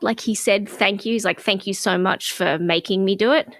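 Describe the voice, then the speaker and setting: A woman's voice: mid-range voice, fairly quick, few pauses, fairly bright tone, dry recording, studio quality. A middle-aged woman co-hosting a podcast, candidly telling a personal story in casual chat. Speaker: podcast co-host.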